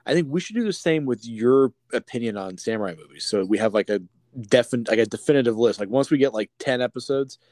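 A man's voice: mid-range voice, lively intonation, fast talker, a little mellow, no echo, studio quality. A man co-hosting a podcast in casual chat, rambling and swearing freely with many restarts. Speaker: podcast co-host.

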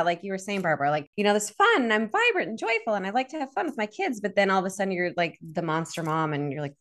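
A woman therapist and coach talking candidly as a podcast guest, acting out quoted moments from family life. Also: medium pitch. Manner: candid, expressive, acts out little quoted scenes. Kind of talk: casual interview talk.

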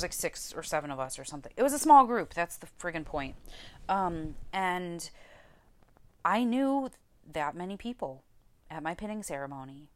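A young woman hosting a podcast, candidly telling a personal story, swearing freely and getting close to tears. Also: lowish voice. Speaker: podcast host.

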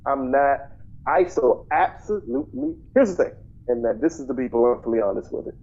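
Blunt, opinionated podcast man, mellow tone. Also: mid-range voice, expressive, moderate pace, dull audio. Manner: blunt, opinionated, repeats himself. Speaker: podcast co-host. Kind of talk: casual movie chat.

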